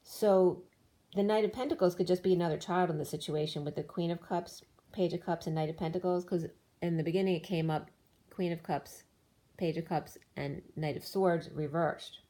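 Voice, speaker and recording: A woman's voice: lowish voice, steady tone, moderate pace, warm tone. A woman doing a tarot card reading, rambling through the cards with restarts, her voice worn as she loses it. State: losing her voice. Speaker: tarot reader.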